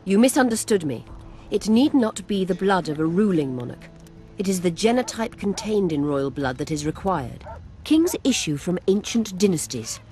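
An actor playing a learned male healer mage who talks in a formal, measured, explanatory way in a fantasy video game. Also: high-pitched, big pitch swings, darkish tone, faint music behind.

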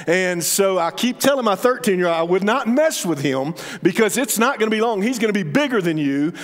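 This man preaches a funny, story-driven sermon in church, animated and a little fast, lowering his voice to a soft hush to stress key points. As a pastor in the sanctuary, he's heard with the reverberation of the church hall.

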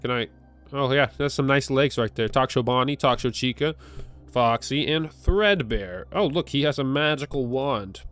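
A man giving live commentary as he plays a horror game. He is jumpy and nervous, repeats words in quick bursts and begs the game's enemies to go away. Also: medium pitch, fairly even intonation, a bit bright, smooth, faint music behind. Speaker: gaming video creator. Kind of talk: live let's-play commentary.

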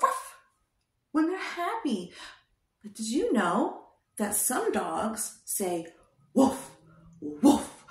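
A woman leads a toddler lesson in a bright, high voice that rises and falls a great deal as she coaxes the children. She speaks very slowly and asks gentle questions. The room around her gives a noticeable echo. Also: distant mic. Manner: slow, sing-song, coaxing questions to a small child. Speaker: children's educator. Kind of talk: toddler lesson with sign language. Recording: roomy echo.

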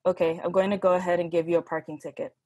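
A woman's voice: on the low side, little pitch movement, rapid-fire, warm tone, no room sound, dull audio, close to an everyday voice. A woman reading aloud, voicing a stern, dismissive male police officer. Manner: curt, dismissive.

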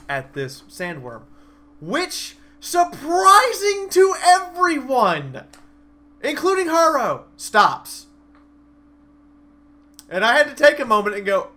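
A young man excitedly recapping a live-action role-play battle in a vlog, a dramatic storyteller whose voice leaps up and down. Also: takes it slowly, pauses often. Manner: animated, dramatic storyteller with big swings in pitch and loudness.

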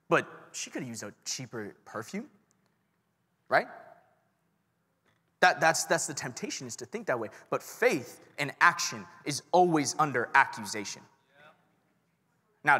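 A man's voice: mid-range voice, sharp tone. A young man preaching a sermon, telling a personal story in a casual, self-deprecating way and talking straight to the crowd. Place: large church hall. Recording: long church hall reverb.

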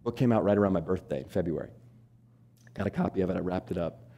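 Onstage before a live audience, a keynote speaker in his forties tells a personal story at a quick clip. His voice sits low and the sound is lo-fi. He's animated, quizzing the crowd and performing the voices of people in his story.

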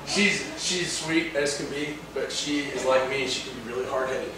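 A man's voice: mid-range voice, normal speed, background noise. A male pastor preaching a sermon with emphatic delivery, often asking the congregation questions. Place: church sanctuary. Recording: echoey church hall from far off.

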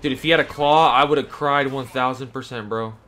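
A young man giving excited, slangy live commentary over his own video game play, talking straight to his viewers with loud outbursts. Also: mid-range voice, a little fast. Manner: slangy casual talk to viewers. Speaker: gaming YouTuber. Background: background music.

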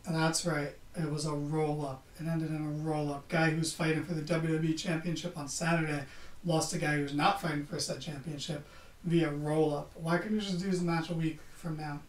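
A man's voice: fairly high pitch, little pitch movement, moderate pace. A man hosting a podcast, giving a casual, sarcastic wrestling recap and swearing freely. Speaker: podcast host. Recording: roomy, distant from the mic.

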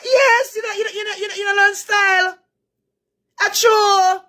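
A Jamaican woman putting on a high, mocking sing-song voice of someone who agrees with every accusation. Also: moderate pace, a bit bright.

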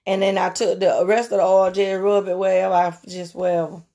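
A woman giving an informal sermon in a folksy way, calling her listeners honey and slipping into soft, murmured prayer. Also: medium pitch, little pitch movement, fairly quick. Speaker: preacher.

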